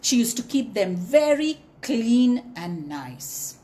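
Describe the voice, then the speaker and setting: A woman telling a story to children, expressive and inviting them to sing along. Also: fairly high pitch, slow.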